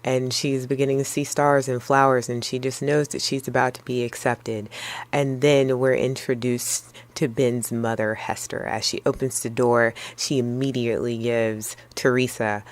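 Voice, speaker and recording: A woman hosting her own channel, recapping a film in a relaxed, chatty way with playful slang and jokey asides. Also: very deep voice, moderate pace. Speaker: movie review vlogger. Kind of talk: casual spoken movie review.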